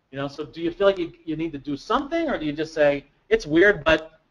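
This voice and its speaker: A man's voice: a little high, sing-song, normal speed, dull audio. A man giving an interactive training lecture to a live audience, putting questions to the room and repeating people's answers. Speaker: presenter at a staff training.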